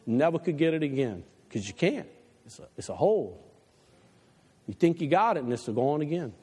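A male pastor delivers an impassioned sermon, his voice swinging widely from low, hushed asides to soaring high exhortations. The reverb of a big church hall hangs behind every line. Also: sing-song, moderate pace, husky. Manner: impassioned preaching, drops low for quoted advice. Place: church sanctuary.

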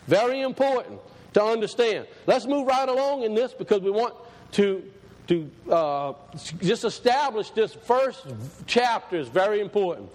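A man delivers a sermon in a high, light voice. He talks in a conversational way and repeats phrases to drive them home. When he reads scripture he slows down and lifts his voice, and a long reverb from the hall trails behind him. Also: very animated. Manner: slows and rises when reading scripture aloud. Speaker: preacher.

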